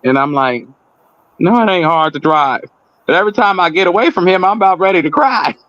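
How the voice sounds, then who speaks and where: A man telling a personal story in casual talk, animated, acting out the voices of the people in it. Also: sits high, a little fast, no room sound, muffled recording.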